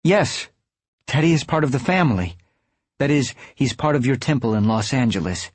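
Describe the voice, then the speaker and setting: A man's voice: fairly high pitch, animated, moderate pace, darkish tone, breathy edge, no echo, voice pushed up. A male audiobook narrator voicing a devout, eager woman follower who speaks earnestly and deferentially.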